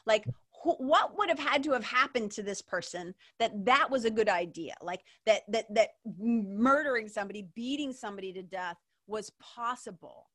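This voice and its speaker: A woman with a fairly high, lively voice and a slightly bright tone speaks at a normal speed with few pauses. She is a podcast host interviewing someone, sharing a personal story candidly and emotionally while swearing freely and saying "like" a lot.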